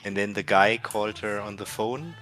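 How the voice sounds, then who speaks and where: German man telling stories, lower voice. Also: fairly bright tone. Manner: anecdotal storytelling, laughs often, halting restarts. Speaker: streamer. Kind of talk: casual chat.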